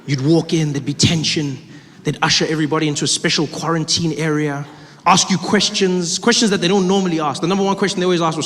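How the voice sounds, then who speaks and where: A man's voice: quick pace, a little hiss or hum. A man from South Africa performing a stand-up comedy set, telling stories and acting out the people in them. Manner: animated storytelling, acts out voices with big pitch jumps.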